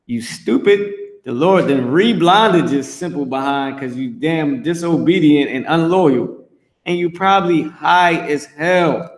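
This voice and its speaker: A man's voice: fairly high pitch, unhurried. Brash, profane man reading scripture. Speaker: online class teacher. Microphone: streamed voice chat.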